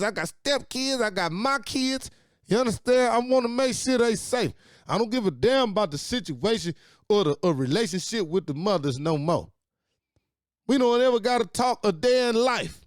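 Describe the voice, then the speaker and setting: In studio-quality audio with no echo, a very high-pitched man with a fairly bright tone rants on his own talk show. He's in his late forties, and the impassioned monologue is furious, preachy, and full of profanity.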